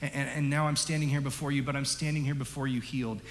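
A man voicing a frightened woman who was just healed, speaking softly and haltingly as she tells her story. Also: mid-range voice, level tone, close to an everyday voice. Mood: trembling. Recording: echoey large hall.

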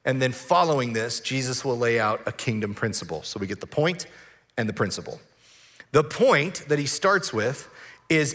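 Animated preaching man, fairly high voice. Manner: animated, acts out voices of complainers. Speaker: pastor. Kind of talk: sermon.

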